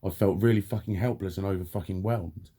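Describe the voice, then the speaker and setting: A man's voice: deep voice, steady tone, brisk, mellow. A man in a heated, blunt personal rant, swearing constantly as he tells his story to camera. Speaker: vlogger.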